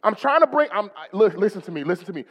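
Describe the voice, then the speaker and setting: A man's voice: sits high, very animated, rapid-fire, a bit bright, in a large hall. A male pastor preaching a rousing sermon in a church, calling for responses from the congregation.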